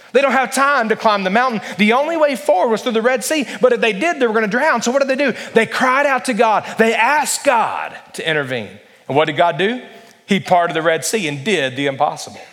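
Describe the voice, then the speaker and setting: Earnest high-voiced male pastor preaching. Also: a bit bright. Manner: earnest, emphatic, varies pace for emphasis. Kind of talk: sermon. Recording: long hall reverb.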